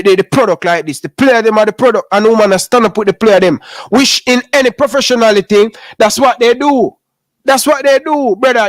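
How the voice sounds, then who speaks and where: A man's voice: very high voice, no echo. A man with a Jamaican accent in heated casual sports talk on a podcast, calling his co-host "brother" over and over. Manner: animated, repeats "brother" often.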